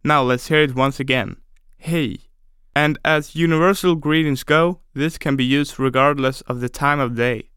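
A man teaching a scripted language lesson, speaking slowly and deliberately and repeating words syllable by syllable for pronunciation drills. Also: mid-range voice, fairly even intonation, a bit bright, smooth, no room sound, clean studio sound.

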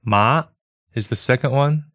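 A man's voice: fairly low pitch, moderate pace, dry recording, studio quality. A man co-hosting a podcast language lesson, answering briefly and modelling pronunciation. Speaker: native-speaker co-host.

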